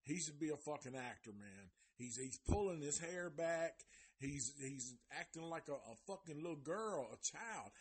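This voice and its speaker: A man's voice: on the high side, moderate pace, slightly rough. A man hosting a live review show, retelling a story in a casual, profane way with lots of slang and cursing. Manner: animated retelling with exaggerated voices of the people in it; heavy cursing, loose slangy delivery. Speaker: live show host reviewing a documentary series.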